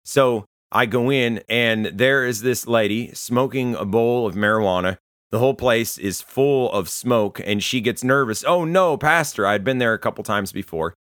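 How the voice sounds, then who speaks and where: A man's voice: fairly low pitch, moderate pace, fairly bright tone, no room sound, clean studio sound. A man, a pastor, preaching a sermon in a conversational, storytelling way. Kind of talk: sermon to listeners.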